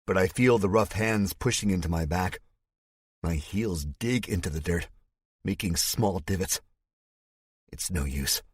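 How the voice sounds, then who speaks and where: A man narrates a thriller audiobook in the first person with a measured, somber delivery. His voice is deep and slightly husky. It is recorded close and dry. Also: no echo.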